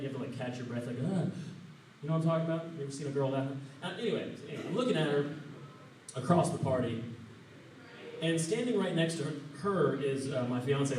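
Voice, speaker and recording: A man's voice: on the high side, distant mic, background noise. Young man doing stand-up in an echoey room. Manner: casual bro-ish storytelling. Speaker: stand-up comedian. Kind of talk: stand-up comedy set. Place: open mic comedy room.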